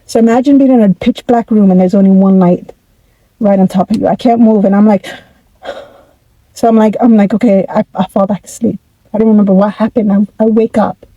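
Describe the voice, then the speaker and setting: Woman storyteller from the US, animated and repetitive, very dark mellow tone, dry close sound. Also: medium pitch, a little fast, no room sound, dull audio. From United States. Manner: animated, repetitive, restarts words. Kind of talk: casual storytelling to camera.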